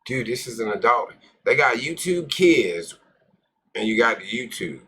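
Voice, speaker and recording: A man's voice: medium pitch, very animated, measured pace, sharp tone, breathy edge. A man hosting a casual live stream, rambling, joking with his viewers and cursing freely. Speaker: cannabis live-stream host.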